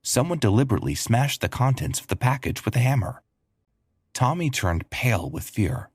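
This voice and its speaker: A man with a husky voice narrating a scripted story. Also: medium pitch, sing-song, normal speed, no room sound.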